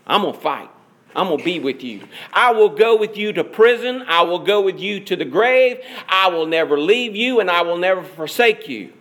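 A man's voice: high voice, lively intonation, moderate pace, fairly bright tone. A man voicing a boastful, eager male disciple who makes emphatic vows of loyalty.

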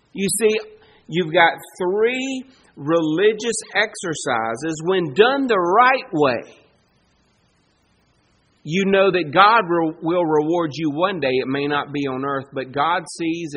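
A man's voice: high voice, fairly bright tone, rough recording. A man preaching a sermon as pastor, with emphatic delivery that rises and falls in force.

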